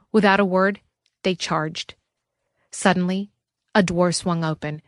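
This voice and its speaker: A woman narrating an audiobook thriller in a steady, measured way. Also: lowish voice, no echo, studio quality.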